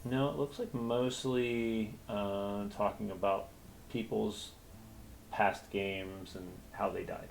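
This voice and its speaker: A man's voice: fairly low pitch, steady tone, slow pace, creaky, a little hiss or hum. A man acting as game master and host of a convention panel, chatting casually and rambling with plenty of fillers. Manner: rambling, self-deprecating, many fillers.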